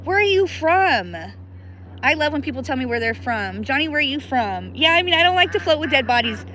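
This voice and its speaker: Standing in a river outdoors, a livestream host from the US Pacific Northwest chats with her viewers, giggling frequently and calling them by name. She speaks briskly in a high, sharp voice with big pitch swings, over slight background noise.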